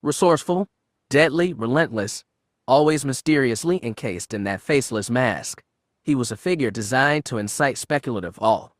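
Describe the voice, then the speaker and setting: A man's voice: medium pitch, animated, moderate pace, dry recording, studio quality. A man reading a science-fiction audiobook aloud, shading his voice a little for each character. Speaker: audiobook narrator. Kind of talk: scripted audiobook narration.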